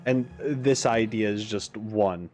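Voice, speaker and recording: A man hosting a game reaction video, talking in an animated, musing way with frequent asides. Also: on the low side, slow, faint music behind. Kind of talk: casual commentary.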